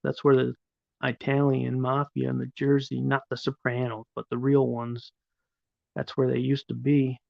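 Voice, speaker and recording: A man's voice: medium pitch, monotone, moderate pace, gravelly, darkish tone, no room sound, muffled recording. A middle-aged man hosting a livestream, chatting casually with viewers in a rambling, profane way. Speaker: livestream host. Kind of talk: casual live chat, answering viewers.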